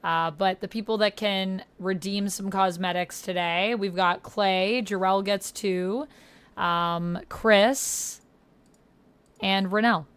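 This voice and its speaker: A woman's voice: mid-range voice, fairly even intonation, slow, a bit bright, clear, resonant tone. A woman live-streaming a video game, casually reading out menu options and chatting with her viewers. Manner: reads menu options aloud, chats with viewers.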